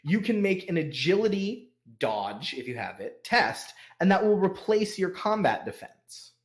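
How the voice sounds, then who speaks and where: Slightly high-voiced guy running a tabletop game, rambly narration, lots of um and laughing. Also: very animated, unhurried. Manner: rambling, full of fillers and laughs. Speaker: game master.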